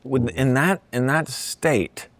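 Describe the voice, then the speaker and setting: A man's voice: mid-range voice, dry recording. A male comedian from Massachusetts, likely in his forties, talking casually as a guest, often restarting his sentences. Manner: halting, restarts phrases, chuckles. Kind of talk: casual conversation.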